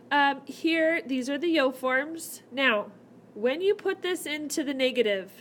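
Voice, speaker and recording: A woman's voice: high voice, fairly bright tone, slight background noise. A woman teaching a recorded whiteboard lesson, explaining each step in a chatty way. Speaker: Spanish teacher. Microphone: laptop mic.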